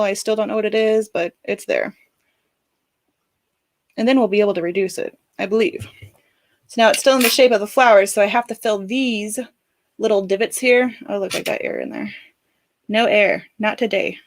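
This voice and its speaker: Woman, craft stream host, casual chat, giggly, joking asides, slightly high voice.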